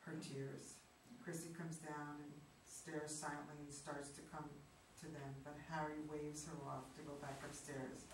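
Low, flat-voiced woman reading stage directions. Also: a little slow, few pauses. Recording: roomy, distant mic with clear noise.

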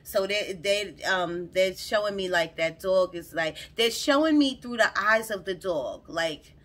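Recording on her phone, a tarot reader chats to camera in a loose, rambling reading, circling back and repeating words as they occur to her. Her voice is bright, forward, medium-pitched, and unhurried.

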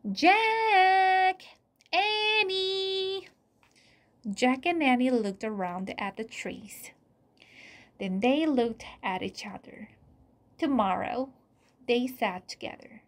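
Slow, soft storybook reader. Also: female voice, mid-range voice. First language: Korean. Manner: soft, often dropping to a whisper. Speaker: channel host reading aloud. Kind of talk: slow read-aloud storybook narration.

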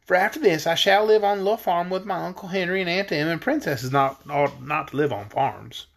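A man's voice: on the high side, fairly quick, creaky, fairly bright tone. A man reading a storybook aloud, voicing an earnest young farm girl who talks in plain homespun words.

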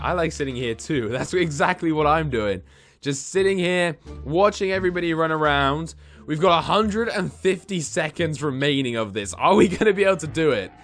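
A man from England giving excitable let's-play commentary, shouting and squealing whenever he is in danger. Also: a little high. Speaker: gaming YouTuber.

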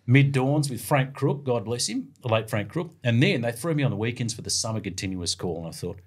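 A man's voice: medium pitch, a little fast, breathy edge. A middle-aged man with an Australian accent, a radio sports broadcaster telling casual anecdotes as a guest. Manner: lively yarn-spinning, plays out the voices of others.

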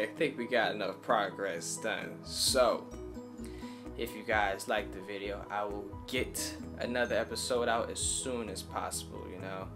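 Young man, gaming commentary, excitable, yells up high, faint music behind. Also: measured pace. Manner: excitable, talks to viewers, bursts into high yelling. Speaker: gaming channel host. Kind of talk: live game commentary.

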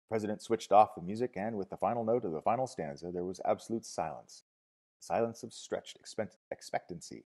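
A man narrating a novel as an audiobook, expressive, dropping to hushed tones and rising to loud cries. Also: lowish voice. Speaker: audiobook reader.

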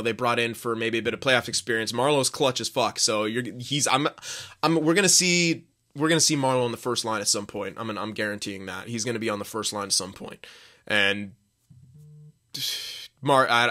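A young man casually rambling through hockey playoff predictions, excitable, with many restarts and some swearing. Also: mid-range voice. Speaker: hockey vlogger.

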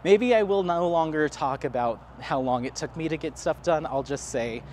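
A crafting vlogger chats to camera while walking his dog around the neighborhood, answering viewer comments in a rambling, self-deprecating way and laughing often. His voice is fairly high and darkish, at a moderate pace, with slight background noise.

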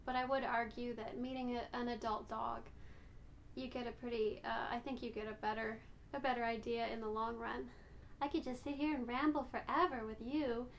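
A woman's voice: fairly high pitch, flat delivery, moderate pace, slight background noise. A woman vlogger chatting casually to camera about her rescue dogs, affectionate and rambling, cooing at them now and then. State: out of breath.

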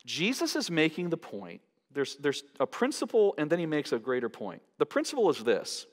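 A man preaching a sermon as pastor, emphatic, pushing his pitch up sharply to stress each point. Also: wildly swooping pitch, normal speed. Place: large church sanctuary. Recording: long hall reverb.

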